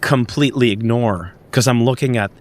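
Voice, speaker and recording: A man telling a story as a podcast guest, animated, acting out the dialogue, often restarting his sentences. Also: medium pitch, normal speed. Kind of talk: conversational storytelling.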